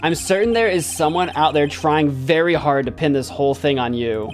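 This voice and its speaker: A man's voice: fairly high pitch, normal speed, soft background music, natural voice. A man voicing a serious female lawyer mentor in a game, speaking earnestly and steadily.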